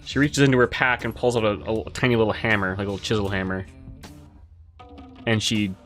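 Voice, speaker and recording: A man with a fairly low voice narrates as game master, describing characters and scenes in an easygoing, descriptive way. Soft guitar music plays faintly behind him. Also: fast talker. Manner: descriptive, relaxed storytelling.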